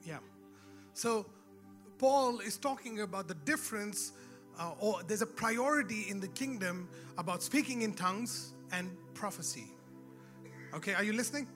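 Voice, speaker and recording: High-voiced preacher over music. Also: male voice, expressive, moderate pace, fairly bright tone. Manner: conversational preaching with laughing asides, rising to emphatic exhortation. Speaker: pastor. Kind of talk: sermon. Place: church.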